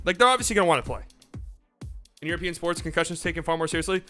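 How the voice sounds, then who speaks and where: A man's voice: high-pitched, animated, rapid-fire, bright, forceful tone, soft background music. A young man hosting a casual live sports talk show, ranting in a rambling, profane way. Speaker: sports podcast host.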